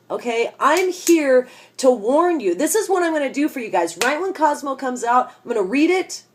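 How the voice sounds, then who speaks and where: A woman's voice: sits high, big pitch swings, normal speed, slight background noise. A woman delivering a comedic rant straight to her viewers, in a sarcastic and exasperated tone. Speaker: vlogger ranting to camera.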